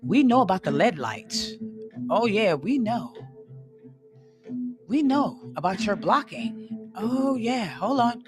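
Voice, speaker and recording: Emphatic slow-talking livestream ranter. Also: medium pitch, very animated, music in the background. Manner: emphatic, repeats "excuse me" and "hold on" often; swings between loud and hushed, drawls key phrases. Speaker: livestream host. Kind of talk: conspiracy rant on a live stream.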